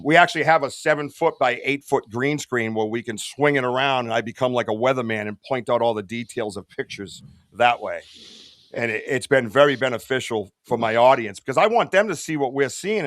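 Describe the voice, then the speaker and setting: A man's voice: mid-range voice, fairly bright tone, no room sound, studio quality. A middle-aged man in a casual podcast chat, rambling and earnest, tossing in bro and dude. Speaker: podcast guest, Bigfoot researcher.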